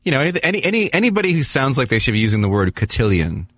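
A man's voice: mid-range voice, sing-song, very fast, a bit bright, slightly rough. A man from New York hosting a podcast, chatting casually about sports with jokes and stumbling restarts. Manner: joking, repeats words when restarting. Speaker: podcast host.

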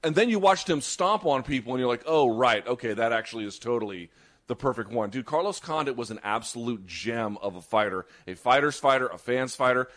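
Opinionated man in quick sports chat. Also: mid-range voice. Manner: fast, animated, opinionated. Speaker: podcast co-host.

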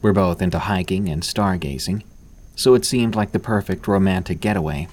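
A man narrating scripted horror stories in a measured, even storytelling manner. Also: low voice.

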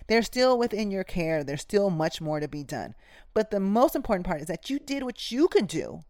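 A woman's voice: medium pitch, no room sound, clean studio sound. A woman nurse hosting a podcast, telling work stories in a direct, emphatic, casual way and speaking straight to her listeners. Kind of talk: casual instructive storytelling.

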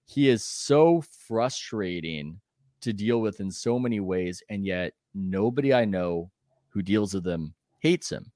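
A man, a sports reporter guest on a podcast, telling stories in a chatty way with quick asides and restarts. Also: fairly low pitch, animated, mellow, no echo, studio quality. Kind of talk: conversational podcast interview, storytelling.

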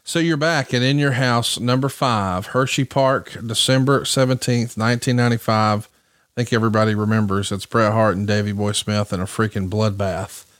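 A man's voice: fairly low pitch, fairly even intonation, moderate pace, fairly bright tone, no echo, studio quality. Man host asking detailed questions. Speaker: podcast host. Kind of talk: interview questions.

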